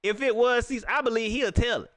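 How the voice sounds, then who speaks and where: A man hosting a live reaction stream, ranting in an animated way and talking straight to his viewers. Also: very high-pitched, quick pace, dry recording.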